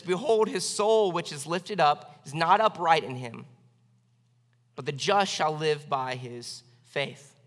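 A man's voice: fairly high pitch, a bit bright, in a large hall. A man preaching a sermon as pastor, earnest and conversational, often restarting his phrases.

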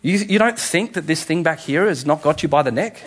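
A pastor delivering a sermon in a conversational way that builds to emphatic, repeated appeals. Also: male voice, fairly high pitch, expressive, fairly quick, slightly rough. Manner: conversational preaching, rising to emphatic repetition.

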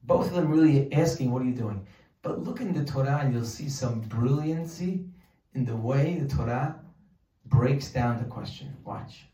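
A man teaching a Torah class, animated and acting out the people in his stories. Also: medium pitch, normal speed, far from the mic. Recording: echoey room, voice from off the mic.

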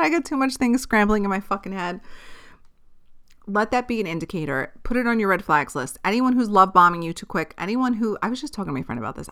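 A young woman hosting her own podcast, venting bluntly and profanely in a casual, animated way. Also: medium pitch. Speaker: podcast host. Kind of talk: casual solo podcast rant.

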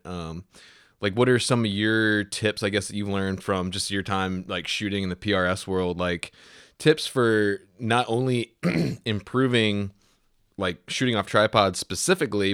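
A man hosting a casual interview podcast, relaxed and full of fillers. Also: sits low, smooth, dry recording, studio quality. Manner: relaxed, many fillers, laughs along. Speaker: podcast host.

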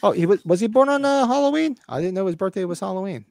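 A man's voice: high voice, animated, fast, vocal fry, darkish tone. A man in his fifties hosting a casual podcast, talking with rambling enthusiasm and swearing freely. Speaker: podcast host.

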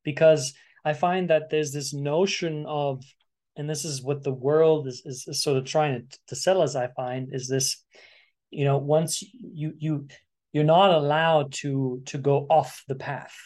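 A man hosting a podcast interview, talking in an expressive, animated way and sometimes acting out his inner voice. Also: a little high, a little slow. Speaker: podcast host. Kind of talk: conversational interview.

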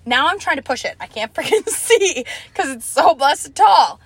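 A young woman co-hosting a podcast in casual chat, telling an animated story and laughing often. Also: sits high, moderate pace, no room sound. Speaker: podcast co-host.

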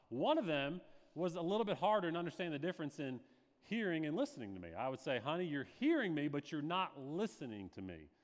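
Guy preaching in church, kinda high voice, lots of echo, acts out the quotes. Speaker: pastor. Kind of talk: sermon.

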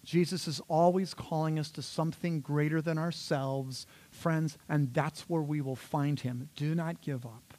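A male pastor preaching a sermon, conversational and animated, talking straight to the congregation and slipping into playful voices. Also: a little high, measured pace, few pauses. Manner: conversational, addresses the congregation directly.

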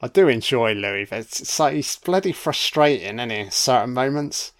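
A British man giving a loud, swearing running commentary on a film, reacting bluntly to each scene as it plays. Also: mid-range voice, animated, moderate pace.

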